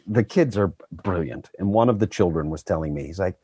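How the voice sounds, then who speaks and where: A man's voice: sits low, normal speed, breathy edge, dry recording. A middle-aged man, a voice actor, chatting casually with self-deprecating, rambling asides and frequent laughter. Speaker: voice actor guest. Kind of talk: casual podcast chat.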